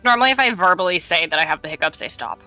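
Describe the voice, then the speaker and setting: A woman's voice: on the low side, animated, rapid-fire, sharp tone, faint music behind. A woman playing in a tabletop game, chatty and giggly, rambling in casual talk. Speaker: player.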